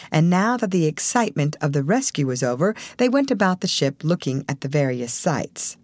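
A woman narrating an audiobook in a measured storytelling manner. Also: low-pitched, darkish tone, no echo.

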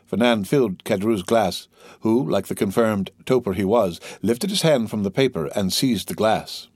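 An audiobook narrator reads a classic novel aloud in a measured, even storytelling style, his scripted delivery steady throughout. His voice sits fairly low and is slightly rough, captured in studio quality with no echo.

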